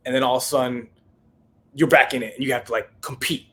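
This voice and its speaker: His voice is husky, medium in pitch, and quick. A man in his thirties, he's a chef on a podcast telling a casual story, animatedly acting out the people he quotes.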